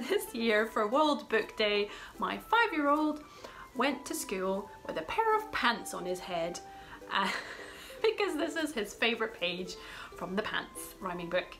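A woman's voice: mid-range voice, a bit bright, rough recording. A woman in her thirties, a children's book blogger, chatting casually about favourite rhyming books and reading bits aloud with playful emphasis, with music playing over her voice.

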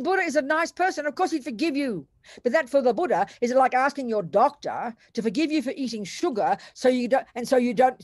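An older woman with an Australian accent, a Buddhist nun giving an animated, emphatic dharma talk to a class in blunt, colloquial words. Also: fairly high pitch, no room sound, clean studio sound.

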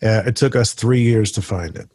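A man in casual chat who tells animated stories and mimics people loudly. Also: fairly low pitch, normal speed.

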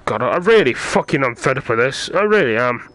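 A man's voice: medium pitch, sing-song, fairly quick, fairly bright tone. A man playing a video game who keeps muttering and swearing in frustration as he searches for something. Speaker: gamer playing through a VR game. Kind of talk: angry gameplay commentary.

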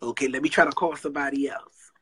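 A man talking to his fans in a casual, heartfelt vlog, animated, profane and emotional, drawing out his thanks slowly. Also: breathy edge. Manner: drawls slow heartfelt thanks, then bursts high and loud. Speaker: vlogger addressing fans.

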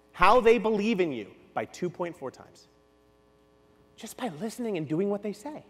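A fairly high-voiced man gives a keynote in a big reverberant hall. His pitch swings widely as he tells stories and tosses in quick asides. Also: breathy edge. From New York. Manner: animated, storytelling with quick asides and acted-out quotes. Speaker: keynote speaker. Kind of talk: conference keynote talk. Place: large hall.

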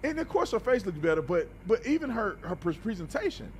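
A man's voice: sits high, sing-song, brisk, a little hiss or hum. A man hosting a reaction video, talking bluntly and animatedly in a preachy, casual way and often repeating words.

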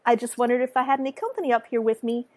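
A woman guest author with a sing-song way of talking, telling a story in an animated, chatty way. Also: on the high side, racing. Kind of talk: casual chat.

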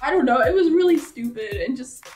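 Giggly high-voiced teen girl vlogger. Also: lively intonation, fairly quick, darkish tone, faint music behind. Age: teens. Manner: giggly, chatty, lots of "like". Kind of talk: casual storytelling vlog.

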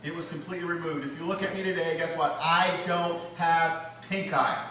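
A male pastor delivers a lively sermon, his voice climbing and getting loud on repeated phrases, then sinking low to drive a point home. His tone is bright and a little sharp. The recording sounds like a large, echoey church, picked up from some distance off. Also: moderate pace, slight background noise. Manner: animated preaching, rising loud on repeated phrases, dropping low for emphasis. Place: church sanctuary.

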